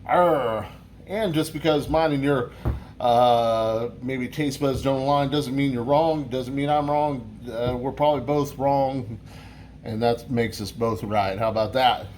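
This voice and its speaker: A mid-pitched man hosts a casual beer review, rambling from thought to thought. He swears freely and keeps restarting his sentences. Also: measured pace, a little mellow, slight background noise.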